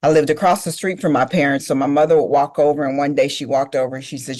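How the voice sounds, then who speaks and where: A middle-aged woman delivers a motivational speech, telling her life story emphatically, repeating key phrases, and addressing the audience directly. Her very deep, darkish voice stays level, and she speaks fast with few pauses.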